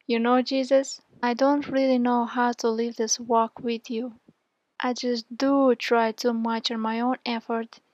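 A woman reading her prayer journal aloud in an earnest, gentle, heartfelt way. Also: on the high side, no room sound. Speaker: devotional journal reader. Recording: dull, dry lo-fi recording.

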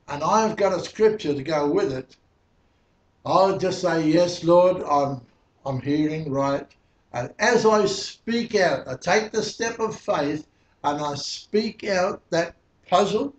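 A male preacher teaching a sermon verse by verse, putting questions to the congregation. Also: on the high side. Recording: echoey hall, mic at a distance.

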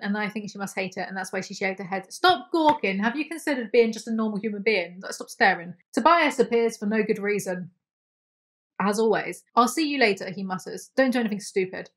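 Young woman reading a book out loud and roasting it, sarcastic, swears a lot. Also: medium pitch. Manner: sarcastic, swears freely, reads quoted dialogue in a flat voice. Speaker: book commentary youtuber. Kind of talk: reading a novel aloud with sarcastic commentary.

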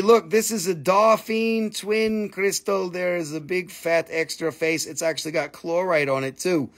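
A man's voice: high-pitched, fairly bright tone. A man selling crystals on a live stream, joking with crude asides and crooning over the stones. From Appalachian Valley, United States. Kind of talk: casual live sales chat.

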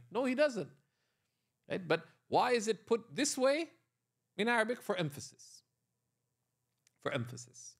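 A man with a high-pitched, somewhat bright voice teaches Arabic grammar in a classroom lecture. He explains step by step and often quizzes his students, frequently adding checking tags like "right?".

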